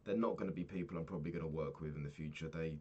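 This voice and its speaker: A man's voice: rumbling low, racing, darkish tone, highs cut off. A young man talking through his day in a candid, rambling diary vlog, swearing freely. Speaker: vlogger.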